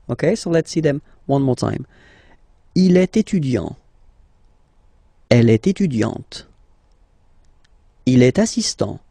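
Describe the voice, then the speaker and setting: A man's voice: medium pitch, warm tone, dry recording. A man teaching a language lesson, patiently drawing out example words and checking in with "okay?". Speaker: French teacher. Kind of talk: language lesson explaining pronunciation.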